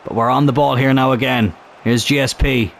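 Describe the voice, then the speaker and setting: A man's voice: medium pitch, brisk, slight background noise. Chatty man commentating gameplay. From Ireland. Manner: chatty, breaks into excited shouts at big chances and goals. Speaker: gaming YouTuber commentating his own match.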